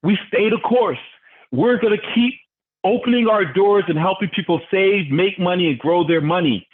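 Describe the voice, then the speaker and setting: A man's voice: high voice, moderate pace. A man leading a motivational business training call, fired up and preachy, often putting questions to his listeners. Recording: tinny phone-line audio.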